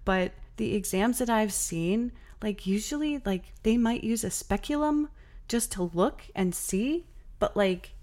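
A woman's voice: mid-range voice, a little mellow. A young woman hosting a podcast, candidly telling a personal story in a casual, exasperated way, with many fillers. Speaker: podcast host.

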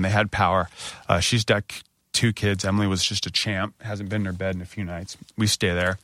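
A man telling a long personal story in casual chat, raspy from a cold and animated, jumping his voice up high when he quotes people. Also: no echo, studio quality. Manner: animated, acts out quoted lines in a higher voice.

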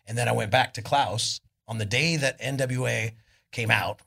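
A middle-aged man from California, a guest musician telling laid-back, animated stories at a live podcast show, acting out what others said. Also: medium pitch, normal speed, creaky. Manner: laid-back, animated storytelling with voices for quotes. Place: arts club on stage before an audience.

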